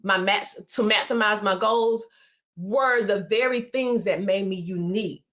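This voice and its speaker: A middle-aged woman with a heavy Southern accent, a podcast guest telling her story in a candid, animated conversational way. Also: mid-range voice, a little slow. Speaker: podcast guest, media entrepreneur.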